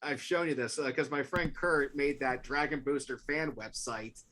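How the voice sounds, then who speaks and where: A man's voice: medium pitch, moderate pace, pushed and bright. A man hosting a talk show, chatting casually with his guest, laughing easily and talking with many fillers. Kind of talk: casual chat.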